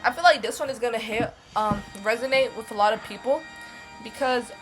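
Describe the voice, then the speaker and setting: A young adult woman telling a casual storytime vlog, blunt and animated, swearing heavily and using a lot of slang. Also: on the high side, brisk, soft background music. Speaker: vlogger.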